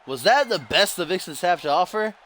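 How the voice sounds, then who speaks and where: A man's voice: sits high, animated, fairly quick, fairly bright tone. A young man streaming, doing play-by-play commentary on a video game match and joking back and forth with his chat. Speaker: livestream commentator.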